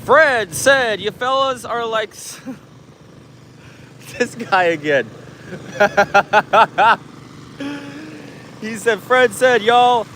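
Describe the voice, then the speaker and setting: High-voiced joking American livestream host. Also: male voice, expressive, drawn-out words, pauses often, pushed and bright, a little hiss or hum. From United States. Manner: jokey, laughs often, reads comments aloud. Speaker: livestream host reading chat. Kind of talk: casual live chat. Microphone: handheld camera mic.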